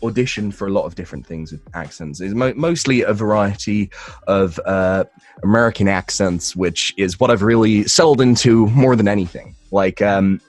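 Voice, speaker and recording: A man's voice: on the low side, normal speed, no room sound. A young man, a voice actor, answering interview questions casually, rambling with fillers and restarts. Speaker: voice actor guest.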